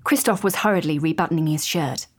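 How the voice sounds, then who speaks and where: A woman narrates an audio drama in first person. Her delivery is wry and lightly comic, with a plain, even voice. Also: low-pitched, fast, slightly rough.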